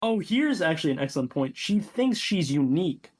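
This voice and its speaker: A young man with a slightly high voice bantering loosely with a friend. His talk is animated and jokey, and he often leaps into a higher pitch to clown around. It is relaxed, unscripted chat. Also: a little fast. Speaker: co-host ranking game characters. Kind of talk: casual banter.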